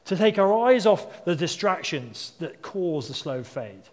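A man's voice: high voice, sing-song, a little slow, darkish tone. A man in his thirties or forties preaching a sermon, telling stories in a conversational way and asking rhetorical questions. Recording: long hall reverb.

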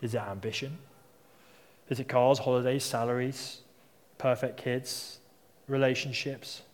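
A man's voice: medium pitch, steady tone, unhurried. A man preaching a sermon in a mid-range voice, chatting through anecdotes and tossing out rhetorical questions. His words ring out with a long echo from a large hall. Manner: conversational storytelling with rhetorical questions.

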